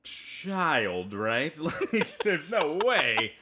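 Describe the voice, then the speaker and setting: A man's voice: on the high side, big pitch swings, drawn-out words, a crowd in the background. A man in his thirties co-hosting a comedy podcast, chatting casually with dry, self-deprecating humor. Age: 30s. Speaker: podcast co-host.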